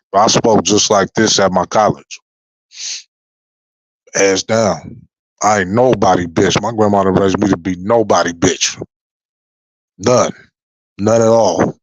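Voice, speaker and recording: A man's voice: on the low side, no room sound, rough recording. Profane, confrontational man ranting. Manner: profane, confrontational, repeats and restarts words. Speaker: YouTuber. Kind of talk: unscripted freestyle rant.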